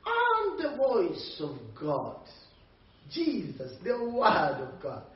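A man's voice: high-pitched, slow. A male preacher delivering a sermon, checking in with his listeners and laughing between points. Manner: animated, calls out to the congregation, laughs between points. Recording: dull, echoey, distant mic.

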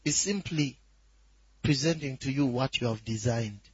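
A man's voice: mid-range voice, unhurried, breathy edge, no echo. Emphatic preacher man, dull lo-fi sound. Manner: emphatic, rising to shouts and quoting scripture with a crying tone. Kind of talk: sermon.

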